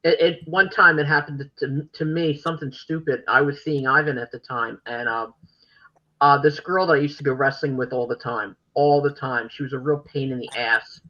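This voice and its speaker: A woman's voice: rumbling low, fairly even intonation, normal speed, muffled recording. A woman podcast host telling stories in casual interview chat, rambling with fillers and restarts. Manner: chatty storytelling with many fillers and restarts.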